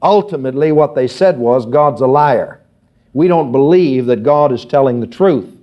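A preaching pastor, lo-fi sound. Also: male voice, mid-range voice, animated, moderate pace. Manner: preaching with wide swings, rising and pressing on key phrases. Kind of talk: sermon. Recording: dull lo-fi sound.

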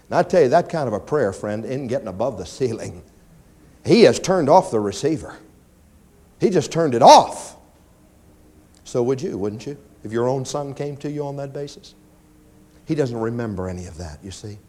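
A pastor preaching a sermon in church, animated and often mimicking whining prayers. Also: male voice, normal speed, pauses often. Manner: animated preaching, acts out pleading prayers in a high whine.

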